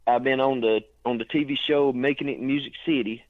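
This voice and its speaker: A man's voice: mid-range voice, fairly even intonation, fairly quick, no room sound. A man with an East Tennessee accent, a songwriter calling in, chatting in a folksy, drawling way. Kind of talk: casual phone chat. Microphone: phone. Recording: tinny phone line.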